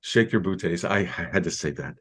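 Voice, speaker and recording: A man guest, the founder of a community group, recounting events in a relaxed, chatty way with small jokes, speaking from a bedroom at home. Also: low voice, normal speed, husky. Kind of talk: conversational recounting.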